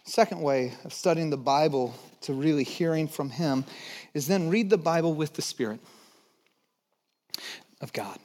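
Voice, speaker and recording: A man in his thirties preaching a sermon as pastor, animated and storytelling, often dropping to a soft low tone for emphasis. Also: moderate pace, long pauses.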